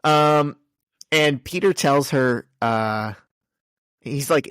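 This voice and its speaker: A man's voice: mid-range voice, a bit bright, smooth, no echo. Man recapping a comic on a dry mic. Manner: reads out comic dialogue in quick summaries. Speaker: podcast co-host. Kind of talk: casual podcast chat recapping a comic.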